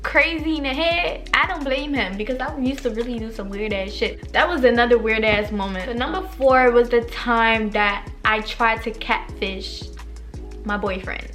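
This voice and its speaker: A young woman telling stories in a casual, animated way, swearing a lot and acting out what people said. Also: fairly high pitch, normal speed, soft background music. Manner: animated, profane, acts out quoted lines. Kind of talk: casual storytime monologue.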